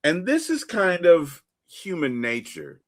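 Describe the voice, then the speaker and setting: A man hosting a casual movie recap, retelling scenes in an animated way and acting them out. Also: a little high, takes it slowly, no echo, studio quality. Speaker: podcast host.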